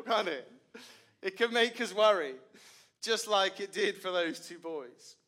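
A man, a pastor preaching a sermon and telling a story, earnest, with dramatic drops to quiet. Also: sits high, expressive, a little slow.

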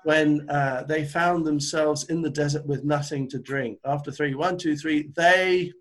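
A man's voice: on the high side, flat delivery, normal speed. A man preaching a sermon over a video call, earnest and conversational, recovering from an illness. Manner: earnest, conversational preaching with self-deprecating asides. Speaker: pastor.

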